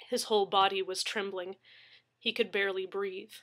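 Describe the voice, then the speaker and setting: A woman's voice: mid-range voice, little pitch movement, fairly bright tone. A woman reading a science fiction story aloud as its narrator. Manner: slow, dramatic narration. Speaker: reader.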